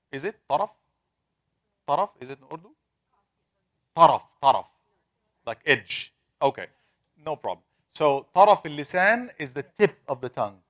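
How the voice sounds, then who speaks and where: Man, teacher, fairly high voice, drawn-out repeated sounds, questions the class. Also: fairly bright tone. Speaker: tajweed teacher. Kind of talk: interactive classroom lesson.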